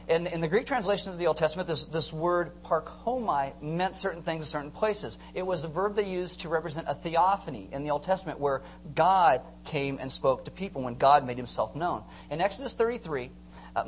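A man preaching a sermon to a congregation, animated, acting out scenes and joking with the crowd. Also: a little high, slight background noise. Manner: animated, acts out screams and jokes with the congregation. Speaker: pastor.

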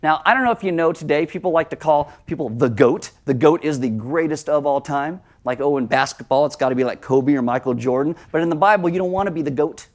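A middle-aged man preaching a sermon as pastor, conversational, with lively asides. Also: a little high, fast talker, few pauses.

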